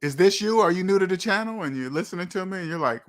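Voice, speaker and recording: A man's voice: high voice, lively intonation. Emphatic man hosting a live chat. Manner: emphatic, slows down to stress points, laughs. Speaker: livestream host. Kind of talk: live chat reading comments.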